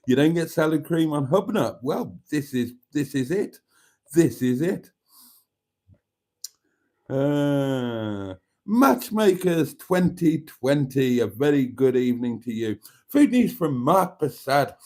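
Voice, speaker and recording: Brummie bloke from wales chatting away on a livestream, keeps clearing his throat, jokey. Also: on the high side, animated, slow pace, a little mellow. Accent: Birmingham. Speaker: livestream host. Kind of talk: casual livestream chat reading viewer comments.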